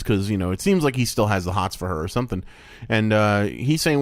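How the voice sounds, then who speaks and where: Male podcast co-host, casual and animated, mid-pitched, close and dry. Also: fast, dry recording. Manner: lively, mimics voices in a high squeal. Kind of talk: casual chat.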